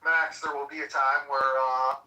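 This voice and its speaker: A man on a phone call, talking in halting, hesitant phrases that trail off. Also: medium pitch, level tone, over a noisy crowd. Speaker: caller. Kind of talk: casual phone chat.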